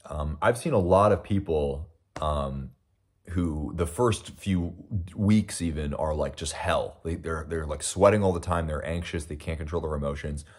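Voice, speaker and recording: This livestream host, a young American man, has an extremely low-pitched voice at normal speed. Over breakfast he reads and replies to viewer comments casually, musing and rambling with lots of fillers.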